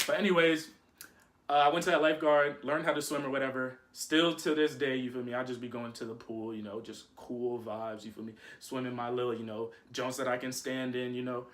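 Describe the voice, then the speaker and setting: A young man telling a story to his viewers in a casual, slangy, animated way. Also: medium pitch, brisk. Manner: slangy, animated, keeps saying "you feel me".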